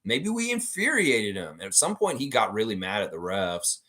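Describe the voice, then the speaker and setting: A man's voice: fairly low pitch, normal speed. Guy ranting on a fan livestream, voice swings way up and down, swears a lot, talks right to chat. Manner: animated, ranting, profane, talks straight to viewers. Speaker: fan channel host. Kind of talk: livestream chat reading viewer comments.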